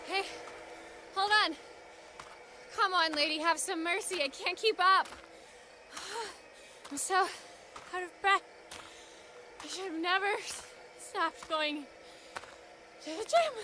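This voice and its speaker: A man reading game dialogue aloud in a high falsetto, voicing a winded young woman journalist who puffs and complains while out of breath. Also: slow pace, long pauses, sharp tone, slight background noise, heavily acted. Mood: whiny.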